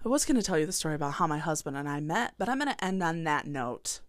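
A woman's voice: low-pitched, big pitch swings, fast talker, hardly any pauses, no room sound, clean studio sound. Blunt, swearing woman podcast host. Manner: blunt, passionate, swears freely. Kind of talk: solo podcast rant and sign-off.

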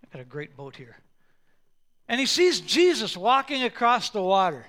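A male pastor preaching a sermon, animated and acting out Bible scenes with props and quoted voices. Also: sits high, normal speed.

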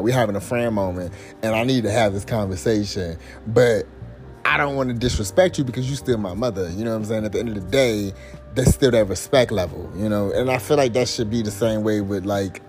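Man, podcast host, casual rant, profane, filler-heavy, mid-pitched, faint background music. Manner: profane, rambling, lots of fillers. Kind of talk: casual commentary monologue.

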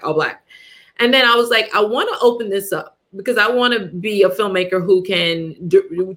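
A woman of medium pitch tells stories from her own shoots in a casual interview. She laughs often, slips into other people's voices when she quotes them, and talks in quick, lively bursts. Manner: animated storyteller, laughs often, acts out quotes. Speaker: director and writer, guest.

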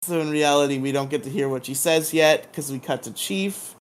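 A podcast co-host recaps a drama episode casually and playfully, humming dramatic sound effects and laughing throughout. The voice is mid-range and fairly quick.

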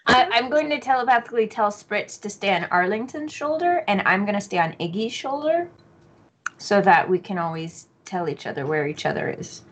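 A woman in a tabletop game who speaks quickly, directly and skeptically. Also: mid-range voice, animated, a little hiss or hum. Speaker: player. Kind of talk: casual game chat.

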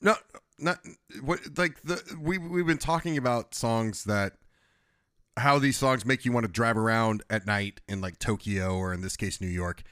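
A man co-hosting a music podcast in casual chat, speaking haltingly and repeating words on a podcast mic. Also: medium pitch, a bit bright, clean tone, dry recording, studio quality. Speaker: podcast co-host. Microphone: podcast microphone.

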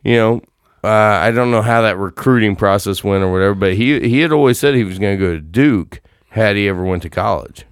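A man with a lowish voice talks loosely on a podcast, joking and restarting his sentences as he goes. The sound is dry and close, with no room around it. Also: a little fast, clean tone, no echo. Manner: joking, rambling, many restarts. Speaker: podcast co-host. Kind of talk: casual chat.

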